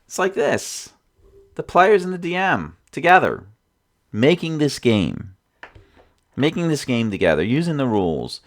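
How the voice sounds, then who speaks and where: A man's voice: mid-range voice, very animated, moderate pace. A man talking casually as a dungeon master about his game, rambling, with frequent restarts and asides. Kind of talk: casual spoken reflection.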